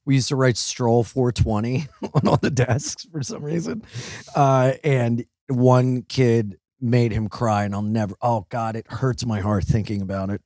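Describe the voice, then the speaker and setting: A man's voice: medium pitch, measured pace, dry recording, clean studio sound. A man hosting a podcast, telling joking stories in casual chat. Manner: joking, animated storyteller. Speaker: podcast host.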